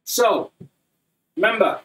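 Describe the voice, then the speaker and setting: Chatty man, higher voice. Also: slow, fairly bright tone. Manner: chatty, rambling, jokey. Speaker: Muay Thai instructor. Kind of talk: casual live online class chat. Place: home living room. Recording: distant, slightly roomy sound.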